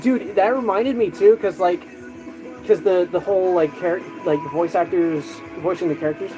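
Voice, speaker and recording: A man streaming, chatting casually and telling animated stories with lots of fillers and restarts. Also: high-pitched, normal speed, poor audio. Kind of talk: casual chat. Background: music.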